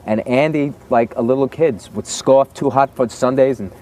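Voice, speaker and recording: Man, club owner, anecdotal, fond, mid-pitched. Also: moderate pace, a little mellow. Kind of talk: reminiscing in an interview.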